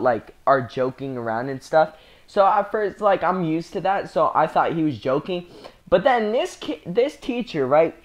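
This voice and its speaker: A young speaker telling a casual storytime, rambling with slang and frequent laughter. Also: medium pitch. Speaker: storyteller vlogger.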